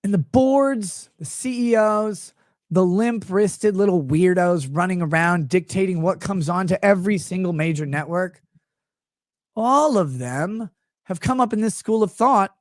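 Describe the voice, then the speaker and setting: A man's voice: high voice, no echo, studio quality. A man from the United States hosting a show, ranting about politics with sarcasm, profanity and mocking asides. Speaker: show host.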